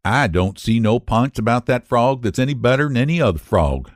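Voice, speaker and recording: A man voicing a wry stranger in a mining camp who speaks slowly and deliberately in rural dialect. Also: mid-range voice, lively intonation, dry recording, studio quality, close to an everyday voice. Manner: slow and deliberate.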